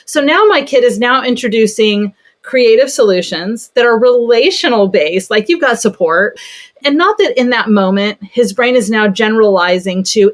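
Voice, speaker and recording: A woman pediatric therapist telling a story in a casual podcast conversation, animated and chatty. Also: fairly high pitch, moderate pace.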